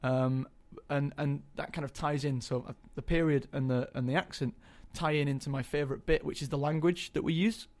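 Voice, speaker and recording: A man's voice: a little high, fairly even intonation, fairly quick, hardly any pauses, darkish tone. Young guy chatting in an interview, lots of ums and restarts, easygoing. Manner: chatty, hesitant with many ums. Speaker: guest actor. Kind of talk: casual interview chat.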